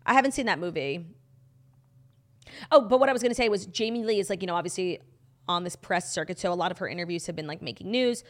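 A woman's voice: lowish voice, animated, quick pace. A woman co-hosting a podcast, giving opinionated and sarcastic takes in casual pop culture chat, with casual swearing. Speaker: podcast co-host.

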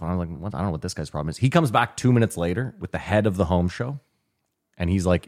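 Deep-voiced man telling a rambling story. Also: expressive, fast, a little mellow. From Canada. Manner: rambling storyteller acting out quoted people. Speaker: podcast co-host. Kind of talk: casual chat, long anecdote.

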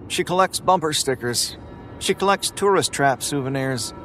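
A man narrating a first-person horror story in a flat, weary, grim manner. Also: on the high side, normal speed, faint music behind.

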